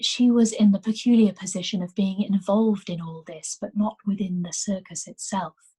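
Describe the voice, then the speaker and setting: A woman reading aloud, voicing a composed young female illusionist who speaks calmly and precisely. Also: mid-range voice, normal speed, breathy edge, natural voice.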